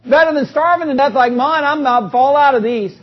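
A man preaching an energetic sermon in a church, joking with the congregation and calling for responses. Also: very high voice, fast. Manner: calls out to the congregation, joking, rising to loud exclamations. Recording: dull lo-fi recording.

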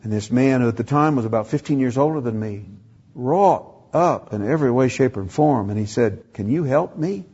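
A man's voice: mid-range voice, normal speed, mellow, slightly rough, lo-fi sound. An older man preaching a sermon, telling a story and acting out the dialogue. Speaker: pastor.

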